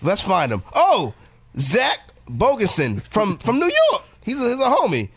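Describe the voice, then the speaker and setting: A man's voice: high voice, huge pitch swings, unhurried, husky, no echo. A man hosting a radio show, chatting casually and joking as he stumbles through a list of names. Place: radio studio.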